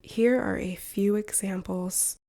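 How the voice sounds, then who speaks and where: A woman from the United States, an English teacher reading a shadowing lesson in slow, carefully separated phrases. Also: medium pitch, fairly even intonation, creaky, mellow. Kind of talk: slow shadowing practice narration.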